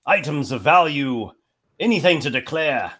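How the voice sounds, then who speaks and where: A man's voice: a little high, animated, moderate pace, bright, forceful tone, husky, voice pushed up, full character voice. A man voicing a stern male elven gate guard who asks curt, formal questions.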